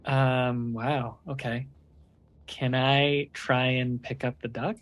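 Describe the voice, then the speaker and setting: A man playing in a tabletop role-playing game, playful and quick to laugh. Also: medium pitch, flat delivery, fairly bright tone. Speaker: player.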